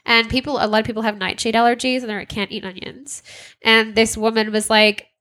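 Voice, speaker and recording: A woman with a bright, forceful voice, telling a story with lots of energy. She swears casually and acts out the people in it. She sits a little higher than most women. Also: little pitch movement, a little fast.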